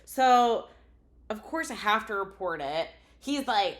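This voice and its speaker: A woman's voice: a little high, lively intonation, normal speed, fairly bright tone. A woman co-hosting a casual podcast chat, animatedly telling a story and laughing at herself. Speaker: podcast co-host.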